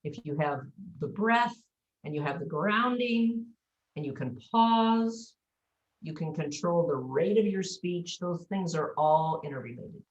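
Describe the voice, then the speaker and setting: A woman's voice: lowish voice, measured pace, muffled recording. A woman speech coach talking on a video call, explaining pronunciation and sounding words out as examples. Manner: animated, demonstrates pronunciation aloud. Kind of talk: coaching interview. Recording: echoey room.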